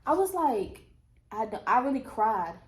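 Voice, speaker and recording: A young woman tells faith stories with emphatic energy, repeating herself to press her point home. Her voice sits a little high, and the recording carries a roomy echo. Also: moderate pace. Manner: animated, emphatic storytelling. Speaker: podcast co-host. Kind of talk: casual faith testimony chat.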